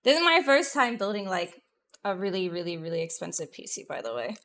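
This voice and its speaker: A woman VTuber with a lowish voice talks a little fast as she chats casually with her stream. She's excitable and profane, moving between loud bursts and muttered comments.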